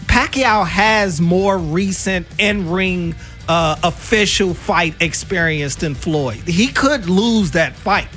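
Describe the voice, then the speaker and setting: A man's voice: high voice, faint music behind. A man with a Baltimore accent co-hosting a sports radio show in casual, emphatic banter from a studio. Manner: animated, emphatic, quick asides.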